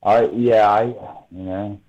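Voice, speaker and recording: A man's voice: lowish voice, steady tone, takes it slowly, a little mellow. A man chatting casually on a group video call, laid-back and mumbling. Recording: dull lo-fi call audio with faint noise.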